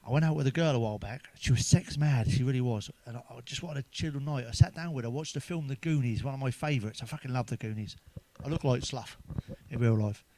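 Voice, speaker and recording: A man's voice: mid-range voice, fast talker, hardly any pauses, warm tone. A middle-aged man telling crude stand-up jokes, swearing often and laughing at his own punchlines. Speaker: stand-up comedian. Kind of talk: stand-up jokes told to camera.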